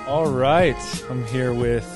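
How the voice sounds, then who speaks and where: A man hosting a podcast, chatting in a relaxed way with lots of fillers. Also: medium pitch, slow, loud music behind the voice. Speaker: podcast host. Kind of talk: casual podcast interview.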